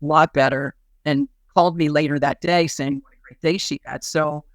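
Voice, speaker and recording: A woman psychiatrist tells a patient's story in an easy conversational way. She restarts her sentences often and breaks into soft laughs now and then. The recording is close and dry, with no room sound. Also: deep voice, fairly even intonation, moderate pace, dry recording. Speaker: psychiatrist guest.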